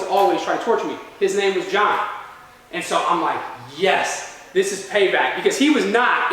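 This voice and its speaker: High-voiced man, echoey hall. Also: fairly bright tone, distant mic. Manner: storytelling, keeps checking in with "all right?". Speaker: motivational speaker. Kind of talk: motivational talk to students. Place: large university lecture room.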